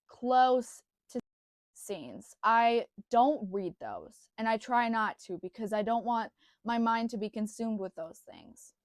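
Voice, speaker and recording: A woman's voice: fairly high pitch, animated, slow, no echo, studio quality. A young woman giving a casual book review, gushing and earnest, often circling back on her words.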